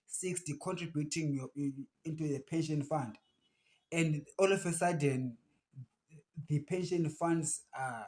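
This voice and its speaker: A man with a Zimbabwean accent who stammers, giving emphatic casual commentary to his channel's viewers. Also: a little high. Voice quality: stammers, with blocks and restarts. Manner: emphatic, rising to animated outbursts. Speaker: channel host.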